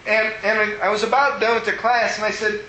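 A man preaching a sermon as pastor, telling stories in an animated way and acting out the people he quotes. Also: sits high, a little fast, slight background noise. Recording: roomy echo.

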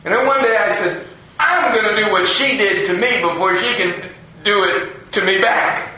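Older pastor telling a story in an echoey room. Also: male voice, high voice, normal speed. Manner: folksy, animated storyteller, acting out quoted people. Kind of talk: personal story told to an audience. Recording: very echoey room, faint ambience.

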